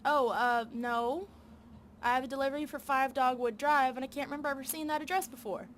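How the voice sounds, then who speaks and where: A woman's voice: sits high, fairly even intonation, brisk, a little hiss or hum, natural voice. A woman voicing a weary older male truck driver with a Southern drawl, reading game dialogue aloud.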